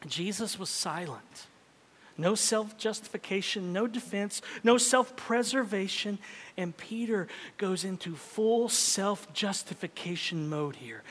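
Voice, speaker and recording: Dramatic preacher in a reverberant hall. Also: male voice, high voice. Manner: dramatic, swinging from loud emphasis to hushed whispers. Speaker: pastor. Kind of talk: sermon. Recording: long reverb of a large hall.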